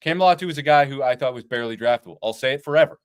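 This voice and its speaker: A man's voice: mid-range voice, very fast, clear, resonant tone. A man co-hosting a football analysis show, talking casually and bluntly, with filler words and rhetorical checks. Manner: casual, profane, lists points with "like" and "right?". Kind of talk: postgame sports analysis.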